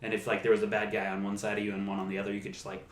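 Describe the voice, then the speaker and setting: A man's voice: on the low side, completely flat delivery, very fast. A man co-hosting a podcast in casual chat, rambling with many fillers and laughing easily. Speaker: podcast co-host. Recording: roomy echo.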